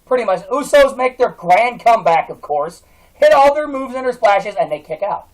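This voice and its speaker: A man's voice: very high voice, lively intonation, moderate pace, low-quality recording. Man in a heated, profane rant. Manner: heated, swears constantly, frequent restarts. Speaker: wrestling fan vlogger.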